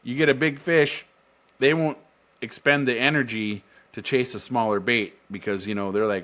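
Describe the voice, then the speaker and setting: A man's voice: lowish voice, moderate pace, a bit bright. A young man co-hosting a podcast in casual chat, jokey and self-mocking, with playful gasps. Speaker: podcast co-host.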